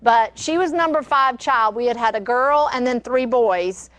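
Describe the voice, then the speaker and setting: A woman's voice: a little high, unhurried. An older woman, hosting a casual cooking demonstration and chatting in a rambling, storytelling way. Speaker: cooking show host. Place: kitchen studio.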